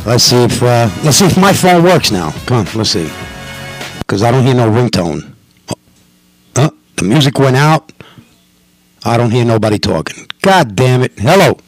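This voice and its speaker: A man with a New York accent hosting a podcast from home, talking loudly, excitably and with plenty of swearing. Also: medium pitch, moderate pace, pauses often, faint music behind. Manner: loud, profane and excitable. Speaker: podcast host. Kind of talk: casual podcast chat. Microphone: headphones and mixer.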